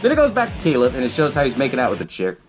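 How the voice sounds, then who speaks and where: A man hosting a podcast, casually recapping a film in a profane, animated way and acting out the characters' lines. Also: medium pitch, racing, music in the background. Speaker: podcast host.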